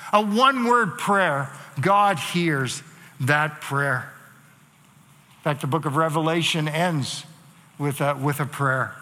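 A male pastor preaches a sermon conversationally, building up into emphatic, repeated cries. His voice is fairly high-pitched, bright and forceful. Recorded in a church hall, it carries the long reverb of a large space.

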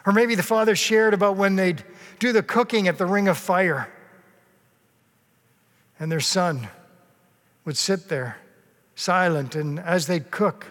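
A man's voice: sits high, unhurried, pauses often, a bit bright. A man preaching a sermon, telling a story earnestly and sometimes acting out the people in it. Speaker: pastor. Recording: long hall reverb.

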